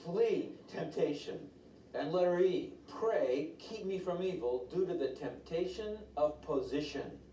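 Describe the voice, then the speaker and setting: A man preaching a sermon, telling stories and quoting others in lively voices. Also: on the high side, measured pace. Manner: storytelling, quotes others in lively changing voices. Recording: roomy echo, from far off the mic, faint noise.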